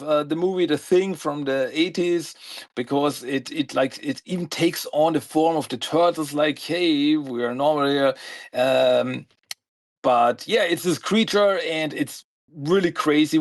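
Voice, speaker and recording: A man co-hosting a podcast, recapping comic plots in a loose, rambling way with lots of "uh" and "like". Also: fairly high pitch. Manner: rambling plot summaries full of "uh" and "like". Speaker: podcast co-host. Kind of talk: casual comic review chat.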